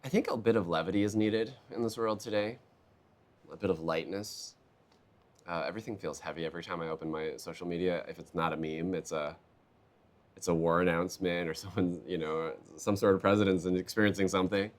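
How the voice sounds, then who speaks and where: Deep-voiced man telling lively stories. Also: a little fast. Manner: animated storyteller, acts out quotes in a raised voice. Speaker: keynote speaker. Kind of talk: conversational interview. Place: live event booth.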